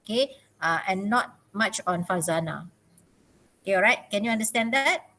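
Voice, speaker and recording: A woman's voice: mid-range voice, lively intonation, moderate pace, pushed and bright. A woman teaching grammar in an online class, encouraging and peppering her speech with "okay". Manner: encouraging, frequent "okay" and laughs. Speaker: English teacher.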